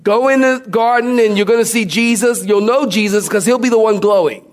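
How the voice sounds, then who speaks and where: A man's voice: high-pitched, fairly quick, voice pushed up, lightly acted. A man voicing a scheming male disciple who gives soldiers directions during a sermon. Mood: instructing.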